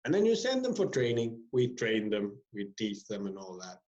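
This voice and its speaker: A man speaking as a swami, giving a spiritual discourse and telling stories with lively acted-out voices. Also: lowish voice, normal speed, hardly any pauses. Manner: lively storyteller who acts out people's voices. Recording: roomy, dull lecture recording.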